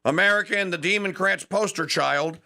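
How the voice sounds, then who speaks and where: A male talk radio host with a fairly high, bright, forceful voice. He rants in a mocking, sarcastic way. He rushes some phrases and drags out others for emphasis. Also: creaky, a little hiss or hum. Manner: fast bursts mixed with slow, stressed phrases. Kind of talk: opinionated talk radio monologue.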